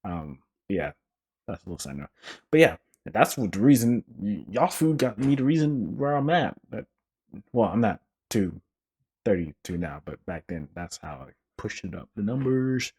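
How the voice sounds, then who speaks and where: Husky-voiced young man ranting on a podcast. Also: on the low side, moderate pace. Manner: animated, profane, joking rants with repeated restarts. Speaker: podcast host. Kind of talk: casual solo podcast rant.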